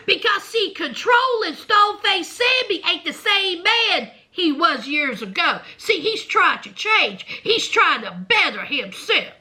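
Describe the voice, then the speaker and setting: A woman's voice: very high voice, sing-song, measured pace, few pauses, sharp tone. A woman giving a casual, sassy recap of a reality show, chatty and laughing often as she tells it.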